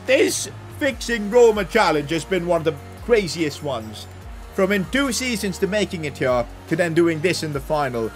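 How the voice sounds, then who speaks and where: A young man doing live commentary over a football video game, calm play-by-play breaking into loud excited outbursts. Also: on the high side. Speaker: gaming YouTuber.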